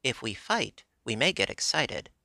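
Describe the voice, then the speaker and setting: A man's voice: mid-range voice, very animated, unhurried, gravelly, pushed and bright, dry recording, studio quality, full character voice. A man reading a cowardly pompous general.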